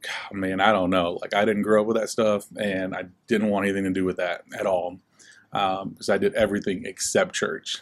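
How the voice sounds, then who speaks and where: A young man with a slightly low voice tells his life story in a casual school interview. He is relaxed and chatty, leans on "like" a lot, and acts out the people he quotes. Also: fairly quick. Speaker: guest speaker.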